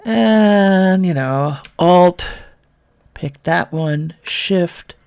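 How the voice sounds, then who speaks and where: A woman's voice: lowish voice, very slow, darkish tone, clear, resonant tone. A woman from Brooklyn giving a casual screen-share tutorial on 3D modeling, thinking aloud with wry, self-mocking asides. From Brooklyn, New York.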